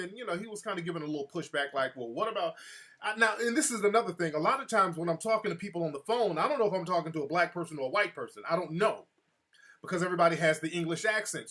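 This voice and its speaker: Animated streetwise male show host. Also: a little high. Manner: loose, streetwise, animated storytelling; replies to live chat mid-story. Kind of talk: casual live-show monologue.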